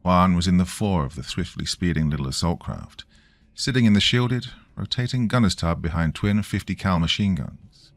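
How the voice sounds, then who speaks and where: A man's voice: low voice, expressive, moderate pace, no room sound. A man narrating a scripted story in a dramatic storytelling manner.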